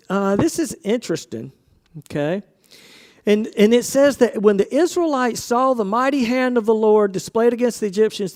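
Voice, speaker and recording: A man's voice: high-pitched, darkish tone. A man preaching a casual sermon, asking his congregation questions and acting out quoted voices.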